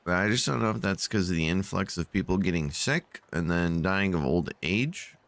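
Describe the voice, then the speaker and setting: A tired man with a very low, smooth, resonant voice talks through his strategy game in a loose, rambling way full of fillers. The sound is dry and close on a desk mic at home. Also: expressive, normal speed, a bit bright, no echo. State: sleepy. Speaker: gameplay channel host. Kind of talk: casual game commentary. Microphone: desk microphone.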